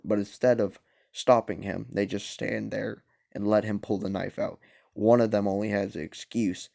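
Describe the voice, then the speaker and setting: A young man talks in a low, hushed voice, trying not to wake his parents. His voice is low and gravelly with frequent fry. He gives blunt, casual opinions on movies from his room at night. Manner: speaks quietly to avoid waking parents, blunt opinions. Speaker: vlogger reviewing movies. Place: home at night.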